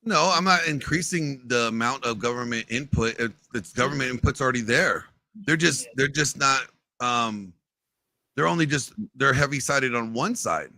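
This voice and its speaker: A man's voice: mid-range voice, normal speed, sharp tone, no echo. A man hosting a live online panel, arguing his point insistently and often repeating himself. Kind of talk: heated debate.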